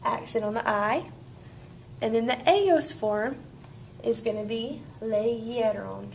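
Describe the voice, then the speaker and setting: Gravelly-voiced teacher explaining grammar. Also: female voice, fairly high pitch, takes it slowly, slight background noise. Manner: upbeat, walks students through steps. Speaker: Spanish teacher. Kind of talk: classroom grammar lesson.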